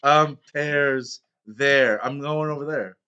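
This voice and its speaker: A man's voice: medium pitch, slow, bright, forceful tone, clear, resonant tone, lo-fi sound. A man chatting casually during a guessing game, playful and joking, laughing often. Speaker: game player. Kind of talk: casual chat.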